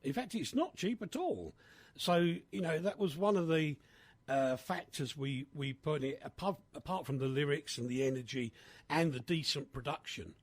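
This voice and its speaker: A man's voice: a little high, moderate pace, no echo. Chatty radio guy, bouncy voice going up and down, dry close mic, lots of ums. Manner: animated, chatty, many fillers. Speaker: radio host. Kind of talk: casual radio chat.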